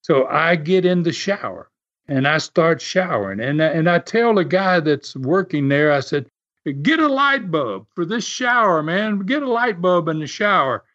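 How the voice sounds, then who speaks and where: A man tells stories in a casual, animated way, laughing often between lines. His voice sits a bit high and rises and falls widely. The audio is dull and lo-fi. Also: a little slow. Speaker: podcast host telling wrestling stories. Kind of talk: casual storytelling.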